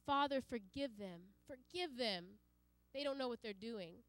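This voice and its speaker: A woman's voice: on the high side, moderate pace, clean tone, dry recording. A woman giving an earnest sermon to a congregation, with frequent fillers and restarts. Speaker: preacher.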